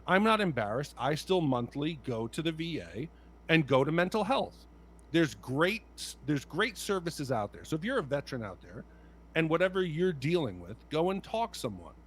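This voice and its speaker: Animated, fired-up man on a podcast. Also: a little high, normal speed, breathy edge. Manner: passionate, blunt, swears. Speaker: podcast co-host. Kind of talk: casual movie podcast chat.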